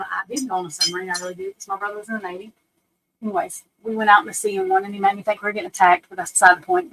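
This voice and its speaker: A woman's voice: a little high, fairly bright tone, poor audio. A woman, hosting a casual livestream at home, chatty and self-deprecating, talking to viewers and her computer. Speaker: livestream host.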